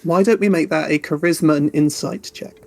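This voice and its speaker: A man narrating as game master of a tabletop role-playing game, unhurried and with frequent fillers. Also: on the high side, vocal fry, darkish tone.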